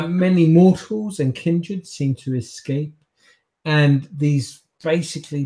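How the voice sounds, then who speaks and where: Man narrating a tabletop game, dark voice. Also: medium pitch. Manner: loose, rambling narration with fillers. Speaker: game master.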